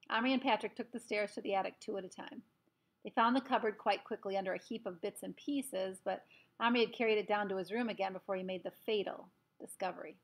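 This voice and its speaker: A woman's voice: medium pitch, quick pace. A woman reading a children's novel aloud, breaking off for chatty asides to young listeners. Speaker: storyteller.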